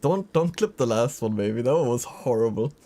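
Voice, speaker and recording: A man's voice: mid-range voice, animated, moderate pace, warm tone, a little hiss or hum. Male streamer, mid-range voice, casual running chatter with viewers. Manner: chatty, reacts to chat messages. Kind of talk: casual livestream chat.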